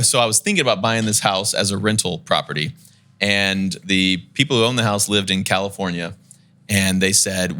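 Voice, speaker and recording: A man telling a long, lively story in a casual podcast chat, laughing as he goes and acting out the people in it. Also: deep voice. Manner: animated storyteller, laughs while talking, acts out the people in his story.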